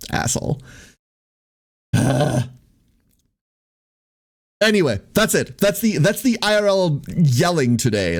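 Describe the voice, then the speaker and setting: A man's voice: mid-range voice, a little mellow. A young man livestreaming, venting casually to his viewers in a rambling way, with lots of "like" and swearing.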